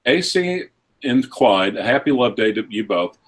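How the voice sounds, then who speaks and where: A man from Oklahoma, co-hosting a livestream and reading out viewer donations and time checks in a relaxed way. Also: mid-range voice, moderate pace. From Oklahoma, United States. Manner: relaxed, reads out donations and timekeeping. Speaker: co-host reading viewer messages. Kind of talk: casual livestream chat.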